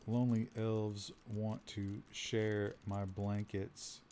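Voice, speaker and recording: A man doing a low, slow, smarmy adventurer. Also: little pitch movement, warm tone, a little hiss or hum. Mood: mock-smooth. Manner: low, slow, mock-seductive murmur.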